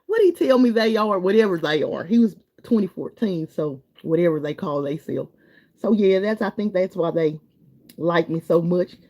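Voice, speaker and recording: Mellow-voiced woman chatting on a live stream. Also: fairly low pitch, animated, normal speed. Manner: chatty, warm and encouraging, wanders between topics. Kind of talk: casual live-stream chat reading comments.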